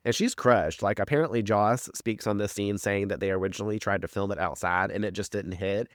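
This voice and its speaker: A man's voice: on the low side, fairly quick, no echo, clean studio sound. A man co-hosting a podcast, recapping a TV episode in rambling casual chat full of fillers and swearing.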